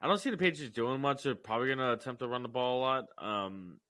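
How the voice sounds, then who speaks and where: Bright-voiced man in casual sports chat. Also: mid-range voice, fast talker. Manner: stammering, laughing, profane. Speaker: podcast co-host.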